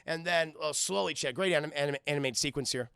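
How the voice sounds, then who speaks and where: A man recapping a cartoon episode live for his chat, swearing often and briefly voicing the characters as he goes. His voice is pitched a bit high, with a bright, edgy tone and plenty of gravelly fry. The sound is close and dry. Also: no echo. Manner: rambling, swears, keeps addressing chat; acts out characters' lines in quick voices. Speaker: cartoon reviewer streaming to chat.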